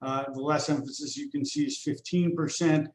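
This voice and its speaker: A man's voice: a little high, steady tone, normal speed, slight background noise. A man presenting survey results on a video call webinar, walking through figures steadily with frequent fillers. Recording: roomy echo.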